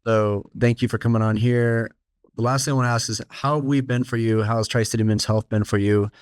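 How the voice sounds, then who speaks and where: A man's voice: mid-range voice, steady tone, a little fast, clean tone, no echo, clean studio sound. A man hosting a casual interview, speaking plainly and earnestly to other men. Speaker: host of a men's health clinic show.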